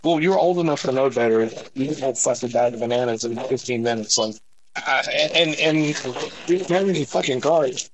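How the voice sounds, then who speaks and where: A man's voice: medium pitch, fairly quick, a little hiss or hum, rough recording. Swearing, ranting man. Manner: profane ranting storyteller. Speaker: coworker. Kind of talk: casual workplace chat.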